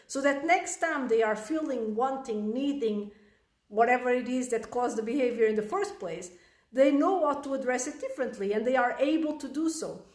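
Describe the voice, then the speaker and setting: A woman giving casual parenting advice as a coach, telling a story with lively, acted-out scenes. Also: on the high side. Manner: animated storytelling, acting out scenes. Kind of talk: casual direct-to-camera advice. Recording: roomy echo.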